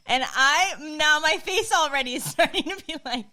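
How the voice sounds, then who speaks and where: A woman in her thirties, a podcast guest, telling a story in an animated way, laughing and swearing as she goes. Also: high voice, moderate pace, few pauses. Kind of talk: casual chat, storytelling.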